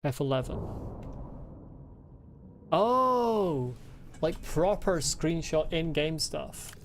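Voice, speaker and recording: A woman's voice: deep voice, very animated, extremely slow, a little hiss or hum. A woman streaming a video game, chatting casually with giggly, rambling jokes to her chat. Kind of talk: casual gaming commentary.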